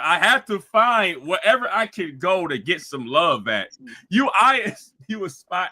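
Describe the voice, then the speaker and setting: A man hosting a live stream, mocking a clip with fast, laughing rants. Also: high voice, sing-song, pushed and bright. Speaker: host.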